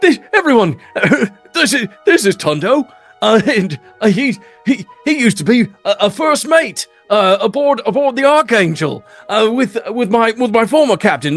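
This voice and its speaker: A man doing a high, eager bird-folk sailor. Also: full character voice. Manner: eager, stammering. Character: excitable bird-folk sailor, male, warm.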